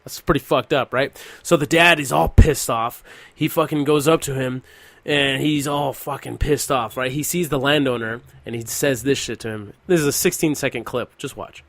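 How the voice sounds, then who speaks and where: A man's voice: medium pitch, fairly even intonation, moderate pace, a bit bright, dry recording. A young man hosting a casual podcast, retelling a movie scene with lots of swearing and laughter. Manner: profane, laughing storyteller. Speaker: podcast host.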